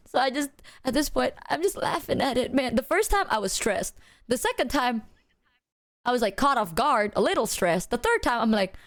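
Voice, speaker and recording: A woman's voice: on the high side, moderate pace. A woman streamer in casual chat, telling stories animatedly with plenty of swearing and acted-out quotes. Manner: animated, profane storytelling, acting out her own side.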